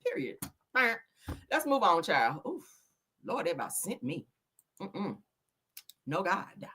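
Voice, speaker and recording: A woman hosting a live gossip stream, talking loudly and laughing a lot as she reacts to comments. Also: fairly low pitch, measured pace, breathy edge. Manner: loud, animated, laughing a lot, Southern Black vernacular slang. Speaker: gossip show host.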